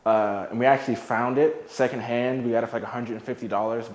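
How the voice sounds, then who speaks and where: Fast and fairly even in intonation, this mid-range male voice belongs to a laid-back, chatty young adult who was formerly homeless. He jokes around and says "like" a lot while casually showing people through his own apartment.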